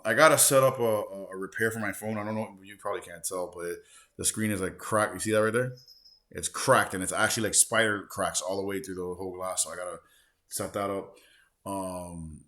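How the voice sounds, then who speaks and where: A forty-year-old man rambles through a casual gaming vlog. His voice sits a little low but rings bright and forceful. He talks loosely, swearing often and piling on slang and fillers. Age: 40s. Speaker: gaming channel host.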